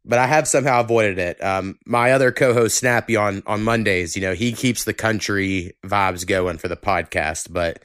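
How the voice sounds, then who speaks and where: A man from Oklahoma with a mild Southern Oklahoma accent, hosting a podcast in a relaxed chat and swearing casually. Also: fairly low pitch, moderate pace, hardly any pauses, smooth, no room sound, clean studio sound. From Oklahoma, USA. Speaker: podcast host.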